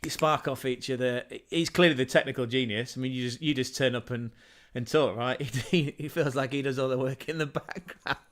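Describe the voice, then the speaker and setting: A man's voice: mid-range voice, fairly even intonation, brisk, fairly bright tone. Male streamer with a mid-range voice, chatting off the cuff, scattered and self-mocking, with lots of restarts. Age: adult parent. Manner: scatterbrained, digressive, self-deprecating, frequent restarts and chuckles. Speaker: channel host and livestreamer. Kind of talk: casual rambling livestream chat.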